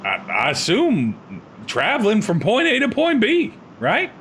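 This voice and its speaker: A man voicing a rough-talking male lizard-man wanderer, with a folksy drawl and hesitant pauses. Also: high voice, huge pitch swings, fairly bright tone, a little hiss or hum, voice pushed up, heavily acted. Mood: wary.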